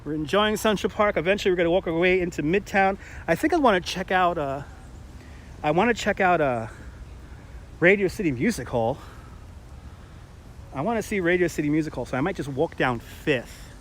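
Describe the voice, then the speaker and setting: A man's voice: high voice, animated, brisk, long pauses, a little hiss or hum. A man from Brooklyn with a New York accent, hosting a live walking tour outdoors and chatting and joking with viewers as he goes. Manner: chatty, jokey, laughs often, greets viewers. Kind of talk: casual live-stream tour narration. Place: outdoors in a city park.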